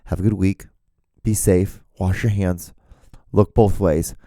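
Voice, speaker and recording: A man with a low, dark voice talks at an unhurried pace with fairly even intonation, recorded cleanly in a studio with no room sound. He's hosting his own solo podcast, rambling through a casual monologue full of jokes and free swearing.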